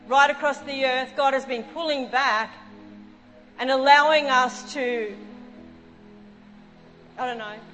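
High-voiced woman preaching in a reverberant hall. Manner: animated, acts out quotes, exclaims. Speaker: pastor. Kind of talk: sermon with storytelling.

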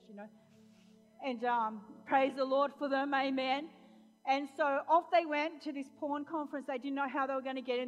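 A woman pastor preaching a sermon, swinging between loud proclamations and chatty storytelling. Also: high voice. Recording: long hall reverb, faint music.

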